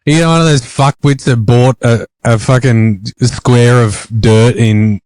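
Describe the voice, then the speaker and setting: A man's voice: medium pitch, fairly even intonation, unhurried, darkish tone, no room sound. An Australian man co-hosting a podcast, bantering casually and swearing now and then. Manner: laid-back, laughing, sweary banter. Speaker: podcast co-host. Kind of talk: casual chat.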